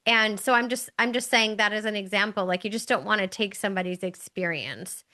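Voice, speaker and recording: A woman's voice: medium pitch, fairly quick, sharp tone. A middle-aged woman co-hosting a casual podcast, telling stories with lots of fillers and acting out the people she quotes. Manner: chatty storyteller, acts out quoted voices. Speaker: podcast co-host, mother.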